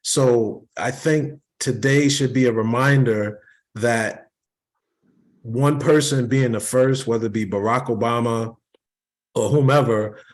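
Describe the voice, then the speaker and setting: A man speaking as a panelist in a measured way with pauses over a video call. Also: mid-range voice, steady tone. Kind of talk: panel discussion.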